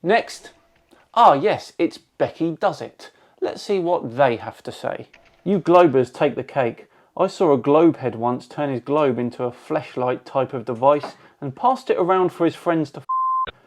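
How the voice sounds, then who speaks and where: An English YouTube host reads out a stream of viewer comments and answers them with deadpan sarcasm. His voice sits a little higher than most men's. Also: measured pace. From England. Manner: dry, sarcastic. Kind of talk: casual commentary reading comments aloud.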